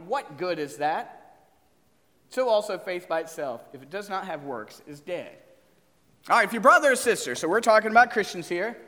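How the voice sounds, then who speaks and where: A man preaching from the pulpit, keeping up a lively back-and-forth of questions with his congregation. His voice sits high and swings widely in pitch. The long reverb of a church hall trails each phrase. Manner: animated, asks the congregation questions. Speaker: pastor. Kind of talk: sermon.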